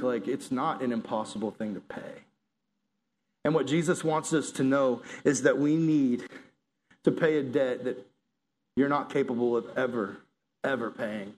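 A man's voice: medium pitch, darkish tone. A man preaching a sermon to a congregation, earnest and building to intense emphasis.

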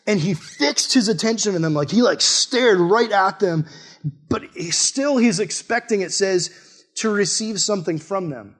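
At a moderate pace, a young male missionary tells a personal story as a sermon, casual and full of "like." He gets animated, his voice jumping high and loud whenever he reenacts his own reactions.

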